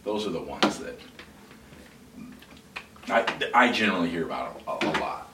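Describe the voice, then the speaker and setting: A man with a low, deep voice chats casually as a church podcast co-host, cracking jokes and laughing as he stumbles through restarts. He sounds far from the mic in a roomy, echoing space, with faint background noise. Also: expressive. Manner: jokey, laughs often, halting restarts. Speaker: lead pastor, podcast co-host. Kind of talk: casual chat.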